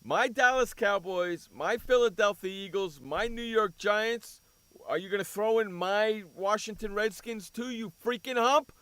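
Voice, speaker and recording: A man's voice: high voice, unhurried, fairly bright tone, clear, resonant tone, no echo. A man hosting a sports talk radio show, ranting bluntly and cursing freely as he argues about teams and coaches.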